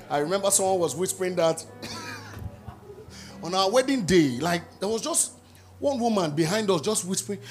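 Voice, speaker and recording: A high-voiced pastor preaches with wild swings in pitch, rising to shouts and dropping low to act out quotes. Faint music plays under him in the church. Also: male voice, normal speed. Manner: animated preaching, shouting peaks, acted-out quotes. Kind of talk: sermon. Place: church service.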